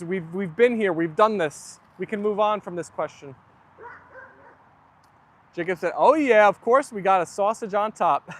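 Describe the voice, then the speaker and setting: A young man hosting a casual livestream, chatting loosely and reading viewer comments aloud. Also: high voice. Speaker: livestream host.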